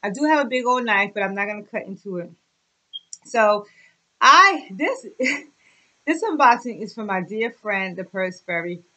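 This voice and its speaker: A woman in her forties chatting excitedly and emotionally through a casual unboxing vlog. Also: mid-range voice, normal speed, pauses often, low-quality recording. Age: 40s. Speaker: YouTube vlogger.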